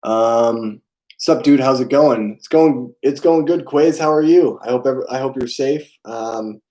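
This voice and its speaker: A young man hosting a casual live stream, talking haltingly with many fillers and answering viewers' chat messages. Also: mid-range voice, dark tone, low-quality recording. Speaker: film channel host.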